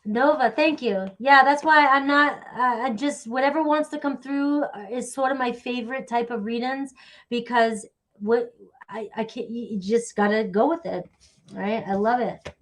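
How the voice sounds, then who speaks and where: A woman's voice: a little high, normal speed. A woman giving a casual live tarot reading, chatty and rambling, with a sniffly stuffy nose. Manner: chatty, rambling, thanks viewers by name. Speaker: tarot reader.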